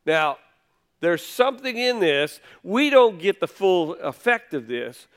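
A man's voice: high-pitched, sing-song, slow. A man preaching a conversational sermon, reading scripture and retelling it in casual everyday words. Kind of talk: sermon teaching.

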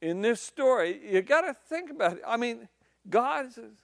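A man's voice: very high-pitched, lively intonation, moderate pace, vocal fry, dry recording, studio quality. A man preaching a sermon in a conversational, emphatic storytelling manner.

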